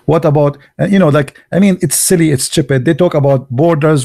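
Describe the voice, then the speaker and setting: A man's voice: a little high, brisk, creaky, few pauses, warm tone, no room sound, clean studio sound. A man from the Arab world with an Arabic accent, hosting an online show and delivering a blunt, emphatic, mocking monologue. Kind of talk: opinionated monologue.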